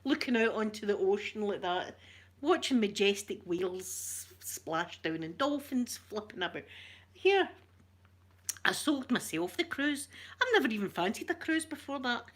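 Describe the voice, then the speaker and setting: A Scottish woman with a bright, clear voice talks straight into a close mic. She rambles from one joke to the next and answers her viewers' comments as they come in. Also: a little high, lively intonation, unhurried. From Scotland. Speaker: ASMR channel host. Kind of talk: chatty live-stream talk.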